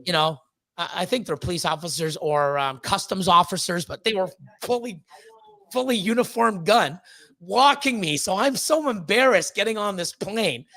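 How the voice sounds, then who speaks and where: A man in his fifties tells a long, rambling story full of swearing. His voice sits high and has a gravelly edge, and he gets animated when he quotes other people. The sound is dry and close. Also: moderate pace, dry recording. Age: 50s. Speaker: guest. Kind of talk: casual storytelling on a live stream.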